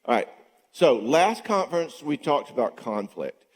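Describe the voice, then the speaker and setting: His voice is a little high and his pace measured as he counsels couples at a church marriage conference, talking to the audience in the sanctuary. The delivery is casual, punctuated by "okay?" and "all right?" check-ins, with quoted people acted out in lively voices. A long reverb from the large hall hangs on his words.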